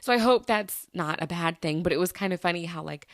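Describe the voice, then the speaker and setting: A woman's voice: lowish voice, fairly quick, no echo, studio quality. A young woman chatting solo on her podcast, rambling with lots of fillers and giggles. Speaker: podcast host. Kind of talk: casual solo chat.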